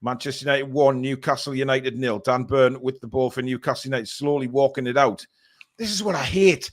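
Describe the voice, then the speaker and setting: A man hosting a live fan watchalong, calling the match play by play and reading viewer messages, partisan and quick to outrage. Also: medium pitch. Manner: excitable, shouts at big chances and bad calls; indignant, partisan.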